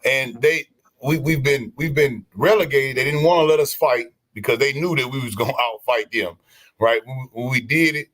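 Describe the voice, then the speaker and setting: A man holding forth on a casual stream, animated and preachy. He restarts his sentences often and keeps circling back to his point. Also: medium pitch, moderate pace. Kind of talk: casual chat.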